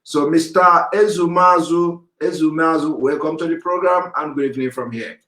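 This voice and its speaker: A male host running a call-in talk program, with a slightly raised pitch. He speaks firmly and in a measured way, and his voice carries noticeable room echo. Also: fairly even intonation, fairly bright tone. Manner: firm, measured, interjecting. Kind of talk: online talk program hosting.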